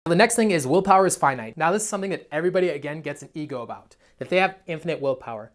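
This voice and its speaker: A man's voice: a little high, lively intonation, racing. A young man, a dating coach, giving a blunt, profane, emphatic motivational monologue. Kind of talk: motivational self-help monologue.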